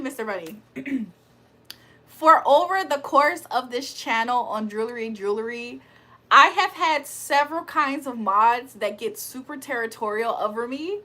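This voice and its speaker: A woman's voice: high voice, sharp tone. A young woman hosting a casual livestream, reading chat aloud and laughing often. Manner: chatty, laughs often, reads comments aloud.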